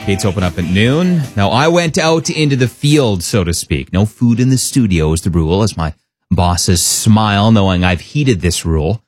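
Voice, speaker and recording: Lively low-voiced man introducing a segment. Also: moderate pace, no room sound, clean studio sound, faint music behind. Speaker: radio host. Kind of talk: scripted studio intro. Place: studio.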